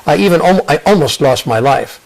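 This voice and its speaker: An American spiritual author, appearing as an interview guest, reflects earnestly in a fairly high, expressive voice with vocal fry and a darkish tone. He restarts and repeats phrases and slows down for emphasis, all captured on poor audio.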